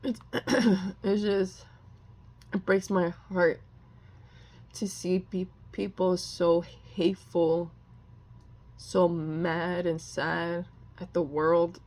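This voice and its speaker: Woman, tarot reader, slow drawn-out speech, low voice, rambling, lots of fillers. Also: little pitch movement, a little mellow. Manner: rambling, many fillers and restarts, apologetic. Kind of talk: casual spoken tarot reading.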